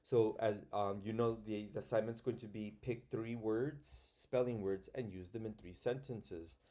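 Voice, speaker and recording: A man teaching young children an online phonics and spelling lesson, slow and patient, sounding words out letter by letter. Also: lowish voice, steady tone, dark tone.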